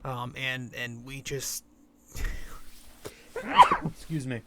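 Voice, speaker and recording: A man's voice: medium pitch, steady tone, very slow, heavy background noise. A young man hosting a sports podcast, talking casually and bluntly, rambling and swearing freely. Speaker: podcast host.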